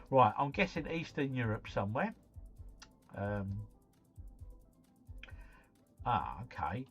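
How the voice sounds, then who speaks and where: A man with a mid-range, fairly bright voice plays a geography guessing game on a live stream, muttering his thoughts and then exclaiming out loud. Faint background music sits under a slightly muffled recording.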